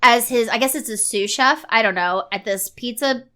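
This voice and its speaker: A woman co-hosting a casual movie review podcast, recapping plots quickly with laughing asides. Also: fairly high pitch, sharp tone. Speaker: podcast co-host.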